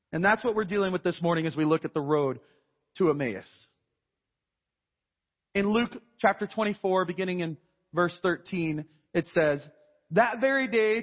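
A man preaching a sermon in a conversational, animated way, acting out little asides. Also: sits high. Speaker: pastor. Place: large church hall. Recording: dull, reverberant church recording.

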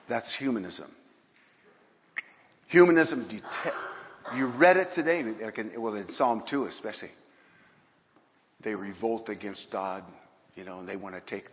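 A man's voice: sits low, a little hiss or hum. A man preaching a sermon in a folksy way, with bursts of rising emphasis. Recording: dull sound in a hall with long reverb.

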